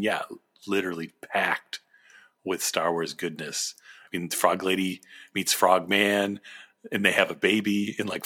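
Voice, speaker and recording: A man's voice: low-pitched, sharp tone. A man co-hosting a podcast, talking about a series in an enthusiastic, rambling way. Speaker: podcast co-host. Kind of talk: casual fan discussion.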